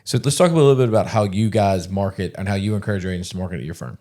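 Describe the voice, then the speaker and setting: Fast-talking podcast host, a man. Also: low voice, mellow. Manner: brisk, restarts phrases, enthusiastic about marketing. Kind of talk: casual podcast chat.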